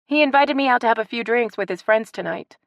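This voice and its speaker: A woman's voice: a little high, animated, fast, vocal fry, no room sound, voice pushed up. Woman doing a cheerful, playful young woman. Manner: bright and playful, softer in intimate moments.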